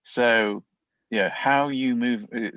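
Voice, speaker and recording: A man's voice: medium pitch, fairly even intonation, unhurried, fairly bright tone, dry recording, dull audio. A man, a leadership coach, explaining ideas in a conversational interview, often acting out inner thoughts as quoted voices.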